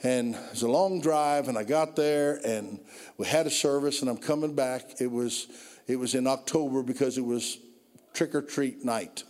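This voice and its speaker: A man preaching a sermon, telling stories and building from low, quiet passages to loud, drawn-out climaxes. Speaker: pastor. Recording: long reverb of a hall.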